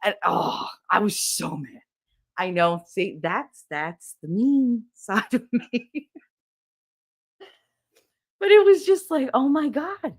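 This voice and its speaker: A woman hosting a podcast, telling a story in a blunt, profane, animated way from her home office. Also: medium pitch, slow, gravelly, pauses often. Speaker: podcast host. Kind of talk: casual storytelling.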